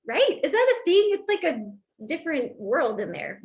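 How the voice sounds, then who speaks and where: A somewhat high-pitched woman teaches a webinar on couple communication in a chatty, upbeat way. She laughs often and acts out short example lines in other tones. Her delivery is informal. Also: big pitch swings, moderate pace. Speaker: marriage and family therapist.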